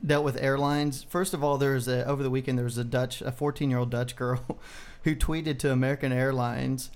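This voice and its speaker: A man's voice: medium pitch, flat delivery, a little fast. A man co-hosting a casual podcast, joking and swearing as he runs through news stories and plugs the show. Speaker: podcast co-host. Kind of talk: casual chat.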